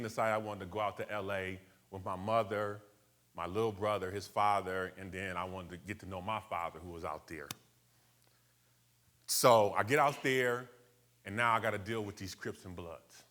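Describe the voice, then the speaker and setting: A man from Buffalo, USA, speaks to a live audience as a motivational speaker. His voice sits on the low side, and he talks conversationally, checks in with the room and uses street slang. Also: a bit bright. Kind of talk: personal story told to a live audience.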